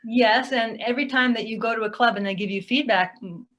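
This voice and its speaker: A woman's voice: a little high, brisk, fairly bright tone. A woman on a panel, talking in a conversational, slightly hesitant way. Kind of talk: casual panel discussion.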